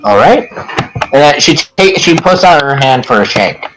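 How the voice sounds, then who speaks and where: Halting man narrating his game character. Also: medium pitch, sing-song, fairly bright tone, soft background music, poor audio. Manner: halting, stops and restarts mid-sentence. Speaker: tabletop game player.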